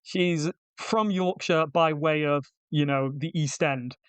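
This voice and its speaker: A man with a fairly high, clear, smooth voice talks through a film review in casual podcast chat. He is wry and self-deprecating, full of quick asides, and sounds close and dry on the mic. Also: no echo.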